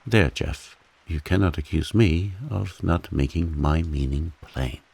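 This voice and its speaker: A man voicing a proud, heartbroken woman who steadily confesses her long love, in a soft bedtime reading. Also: rumbling low, measured pace, vocal fry, breathy edge, exaggerated voice. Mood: steady, tender. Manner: steady, dignified, softly spoken.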